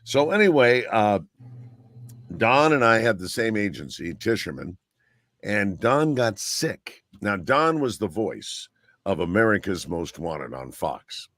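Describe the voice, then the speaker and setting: Deep-voiced man telling rambling stories. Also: sing-song, a little slow, fairly bright tone, no echo, studio quality. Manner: rambling storyteller, often saying "so anyway". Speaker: guest radio personality. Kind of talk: casual anecdotal chat.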